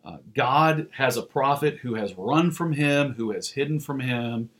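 A man preaching a sermon as pastor, earnest, with "uh" fillers, slowing down for emphasis. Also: medium pitch, fairly bright tone.

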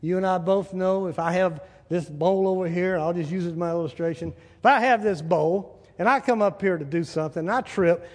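A man preaching a sermon as a pastor, animated, asking the congregation questions and acting out little scenes. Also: high voice, brisk, few pauses. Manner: animated, asks the crowd, acts out little scenes. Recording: hall reverb.

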